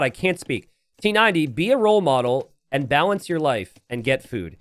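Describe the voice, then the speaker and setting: A man calls a competitive match live from his home streaming setup. His pitch leaps up and down as he talks. He rambles into jokey, self-deprecating asides between calls of the game. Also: big pitch swings, normal speed, dry recording. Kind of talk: live game commentary mixed with casual chat.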